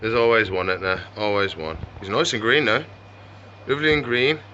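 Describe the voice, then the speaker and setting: A man chats casually on camera and keeps talking to his animals. His voice is bright and forward. A faint hum of background noise sits under it. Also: on the low side, moderate pace, highs cut off. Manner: chatty, talks to his animals. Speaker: reptile shop owner. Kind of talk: casual vlog chat.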